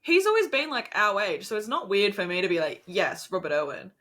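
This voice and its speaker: A woman's voice: mid-range voice, sing-song, a little fast, fairly bright tone. A young Australian woman chatting casually as a podcast co-host, giggly and gushing. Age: young adult. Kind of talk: casual chat.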